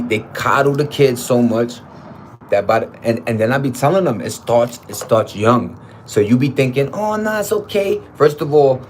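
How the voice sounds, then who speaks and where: Middle-aged guy, mid-pitched, slangy and profane, talking-to-camera opinion rant. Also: a little hiss or hum, rough recording. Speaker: vlogger. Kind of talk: casual talking-to-camera monologue.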